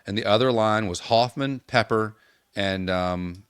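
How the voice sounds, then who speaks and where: A man co-hosting a casual podcast, talking quickly and wryly, venting with exasperation about his team. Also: on the low side, smooth, no echo, studio quality. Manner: quick, wry, vents with exasperation. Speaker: podcast co-host, hockey player. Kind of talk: casual banter.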